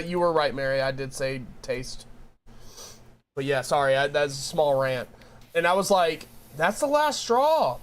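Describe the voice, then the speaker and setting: A man streaming and chatting with his viewers, ranting in a rambling way with lots of restarts. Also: fairly high pitch. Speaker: game streamer. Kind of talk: casual chat with stream viewers.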